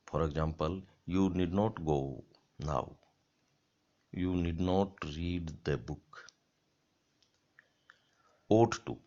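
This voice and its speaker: A man giving a grammar lecture, speaking deliberately and repeating each example sentence. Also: low-pitched, dark tone. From India. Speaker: college lecturer. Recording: dull lo-fi lecture recording.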